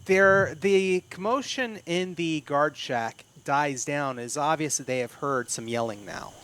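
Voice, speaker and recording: A man, narrating as game master in an unhurried, descriptive way. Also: on the high side, expressive, a bit bright, a little hiss or hum.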